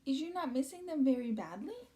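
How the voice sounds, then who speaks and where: Lady doing a gentle giant guy, sympathetic and talky, mangled grammar, storybook read-aloud. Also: high-pitched, lively intonation, a little fast, voice pushed up. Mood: kindly. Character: big kindly male giant, odd grammar.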